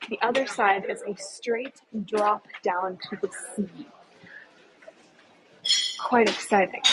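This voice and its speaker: A woman's voice: a little high, poor audio. A woman guiding viewers on a casual live walking tour outdoors in a small hillside village, chatty and enthusiastic, often asking her audience questions. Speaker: tour guide and travel vlogger.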